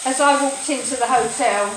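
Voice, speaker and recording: A woman's voice: high voice, moderate pace, noisy background. A woman in her sixties, chatting and rambling through funny stories while cooking, mixing up her sayings as she goes. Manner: gossipy, rambling, mixes up sayings. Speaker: cooking vlogger. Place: home kitchen, food sizzling. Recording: echoey kitchen with loud frying.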